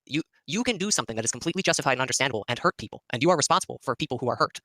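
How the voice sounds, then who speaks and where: A man's voice: medium pitch, expressive, rapid-fire, sharp tone, dry recording. A man in a voice-chat discussion, firmly explaining how to apologize. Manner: firm, lecturing, repetitive. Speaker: participant in group call.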